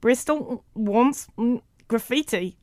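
A woman's voice: a little high, lively intonation, slow pace, darkish tone, dry recording, clean studio sound, pitched above the performer's own voice. A woman reading a story aloud and voicing a tape recorder that plays back a man's edited words in choppy, stilted phrases. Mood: mechanical.

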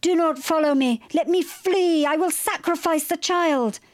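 A woman's voice: mid-range voice, fairly even intonation, fast talker, darkish tone, no echo, studio quality, lightly acted. A woman voicing a solemn young woman from ancient times who speaks in formal, archaic phrases, read from a storybook. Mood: desperate.

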